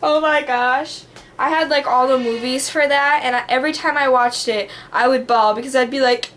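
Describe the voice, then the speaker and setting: A woman's voice: high voice, steady tone, moderate pace, a bit bright. A woman vlogging in a casual, rambling monologue that is full of fillers and has a bubbly, dramatic manner. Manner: rambling, heavy on the filler word "like".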